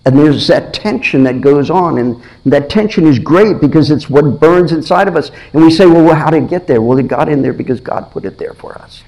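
A man's voice: fairly high pitch, animated, normal speed, few pauses, a little mellow, rough recording. A middle-aged man preaching a sermon, asking his listeners earnest questions and often repeating or restarting his phrases.

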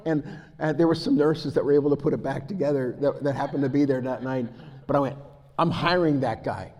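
A man's voice: medium pitch, quick pace. Male pastor preaching in a reverberant hall. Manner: storytelling, grows loud and excited, laughs. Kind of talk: sermon. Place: church hall.

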